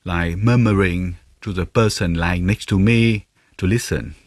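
A man reads a translated voice-over in a measured, plain way. His voice is very low and husky, recorded dry and close. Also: no room sound. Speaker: interpreter voice-over.

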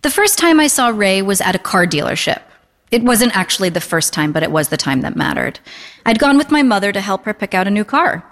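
A woman in her thirties reads a literary first-person story in a dry, deadpan, understated way. Her voice sits at an ordinary middle pitch, and a long reverb rings out after every phrase. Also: fairly quick. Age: 30s. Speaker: narrator.

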